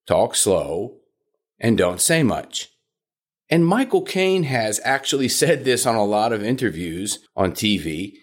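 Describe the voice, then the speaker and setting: Lively low-voiced male podcast host. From South Florida. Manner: instructive, mimics high-pitched owners. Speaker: puppy trainer and podcast host. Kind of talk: podcast monologue.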